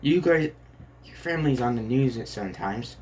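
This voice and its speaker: A man voicing a calm, polite schoolgirl. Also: mid-range voice, normal speed, close to an everyday voice. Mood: curious. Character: polite, composed teenage girl student.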